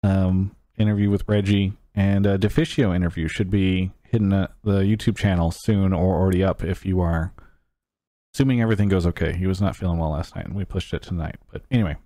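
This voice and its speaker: A man's voice: deep voice, fairly even intonation, fairly quick, mellow, no echo. Dry-voiced teasing male podcast host. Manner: wry, teasing, mock-exasperated. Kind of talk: casual show wrap-up chat.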